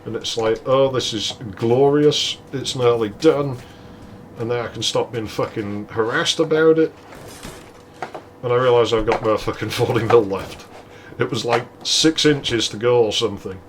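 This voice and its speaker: A man's voice: mid-range voice, moderate pace, slight background noise. A man hosting a let's play, telling a story casually with lots of swearing and laughter. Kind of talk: casual gameplay commentary and storytelling.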